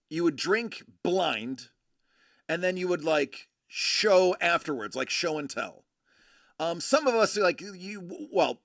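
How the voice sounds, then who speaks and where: A man with a fairly high, gravelly and bright voice talks slowly and enthusiastically about a wine bottle. His casual talk rambles, with lots of fillers and restarts. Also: no room sound, clean studio sound. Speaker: host of a collecting channel.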